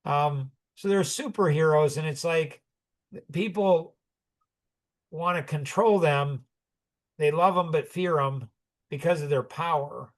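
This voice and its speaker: A man in his sixties talks through his own stories in a loose, rambling way, circling back and restarting his sentences. He chuckles often as he goes. His voice sits a little higher than most men's. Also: measured pace, pauses often. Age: 60s. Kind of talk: personal storytelling in conversation.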